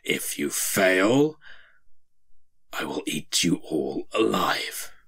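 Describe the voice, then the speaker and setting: A man voicing a huge menacing male dragon in a tabletop game, drawing his words out in slow, breathy threats. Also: deep voice, very animated, fairly bright tone, full character voice.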